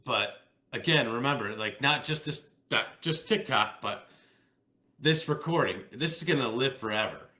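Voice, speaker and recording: Man, podcast host, relaxed chat, bright voice, middle pitch. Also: normal speed.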